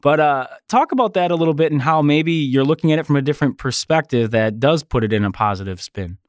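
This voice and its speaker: A man's voice: fairly high pitch, lively intonation, fast, no echo, clean studio sound. A man hosting an interview, asking friendly questions and reacting to his guest's answers. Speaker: interview host.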